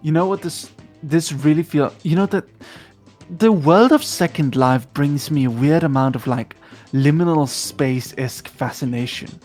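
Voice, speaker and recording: A woman streaming a game, narrating an interactive story in a lively, quick casual way. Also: low-pitched, faint music behind. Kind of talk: casual narration of a choose-your-own-adventure.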